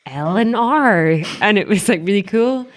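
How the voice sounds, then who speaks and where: A woman's voice: medium pitch, lively intonation, measured pace, slight background noise. A woman, a guest actress chatting casually, laughing often and trailing off with ums. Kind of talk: casual chat.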